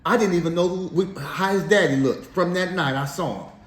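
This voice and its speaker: A man telling his life story in a casual interview, animated and slangy, laughing as he goes. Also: sits high, a little fast. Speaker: interview guest. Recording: echoey room, faint background noise.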